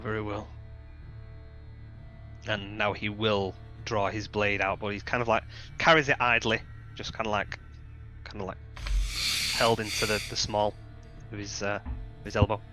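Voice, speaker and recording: A man's voice: on the low side, level tone, normal speed, pauses often, bright, forceful tone, soft background music. A man narrating as game master in a casual, word-searching way.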